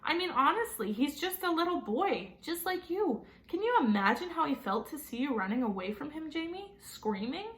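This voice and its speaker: A woman's voice: high-pitched, big pitch swings, normal speed, few pauses, reverberant, pitched above the performer's own voice. Woman reading as a stern scolding mother. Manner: scolding, earnest. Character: stern, disappointed mother scolding her sons.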